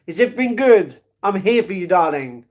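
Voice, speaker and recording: Chatting with his live-stream audience, a young man with a fairly high yet darkish voice answers comments a little fast, his intonation lively. He's warm and meandering, sprinkling in "darling" and "mate," and the recording sounds muffled.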